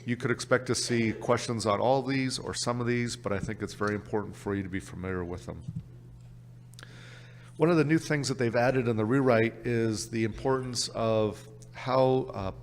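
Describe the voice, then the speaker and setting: A man with a Canadian accent presenting an exam prep workshop at a conference, brisk and upbeat. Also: medium pitch, in a large hall, a little hiss or hum. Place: conference session room.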